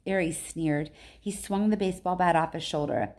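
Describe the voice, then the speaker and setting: A woman reads a novel aloud in a casual teacher's manner, with chatty asides. Her voice sits on the lower side. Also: normal speed, darkish tone.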